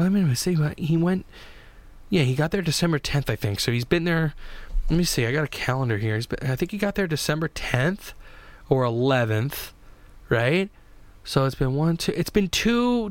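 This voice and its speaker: A man's voice: mid-range voice, dry recording. A man hosting a casual solo podcast, rambling and joking with lots of restarts. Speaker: podcast host.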